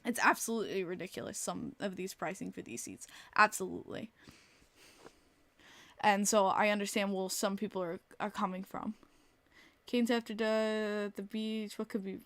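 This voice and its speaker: Blunt, animated New woman podcaster. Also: medium pitch, normal speed, dry recording. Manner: blunt, animated, swears freely, reads chat aloud. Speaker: podcast host. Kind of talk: casual live-stream podcast chat.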